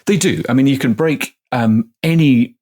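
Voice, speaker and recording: A man's voice: mid-range voice, moderate pace, a little mellow. A middle-aged man, a professor, answering interview questions casually and explaining step by step with everyday examples. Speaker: guest, manufacturing professor.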